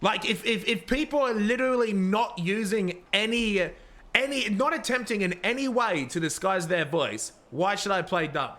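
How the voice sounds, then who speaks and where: A man streaming a police role-play game, talking excitedly and rambling with swearing and frequent restarts. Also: high-pitched, normal speed. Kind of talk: live-streamed gameplay commentary.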